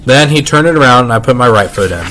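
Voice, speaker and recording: A man reading a children's novel aloud in first-person narration, unhurried and plain. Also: mid-range voice, expressive, fairly bright tone. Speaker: reader.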